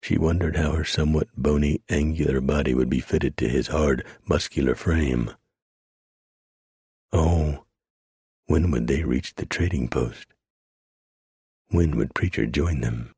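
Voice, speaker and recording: A man narrating a western audiobook in a steady storytelling read. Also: extremely low pitch, measured pace, long pauses, husky, no room sound, studio quality. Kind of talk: scripted narration.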